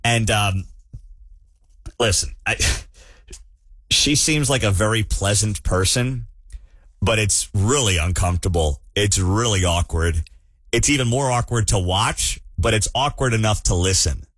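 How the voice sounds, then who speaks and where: A man's voice: on the low side, a little slow, fairly bright tone, slightly rough, dry recording, studio quality. A man hosting a talk radio show, sarcastic and mocking as he comments on clips. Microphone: studio microphone.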